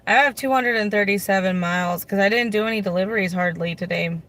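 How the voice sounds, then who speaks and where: A woman's voice: mid-range voice, fast, a bit bright. A woman chatting casually with viewers on a livestream while running errands and driving. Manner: chatty, thanks viewers for gifts.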